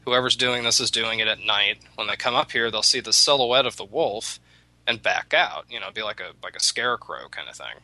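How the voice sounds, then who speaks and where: Brief: a low, very bright male storyteller with a halting, rambling delivery, dry sound. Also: expressive, no room sound, rough recording. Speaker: storyteller in a chat. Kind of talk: casual chat.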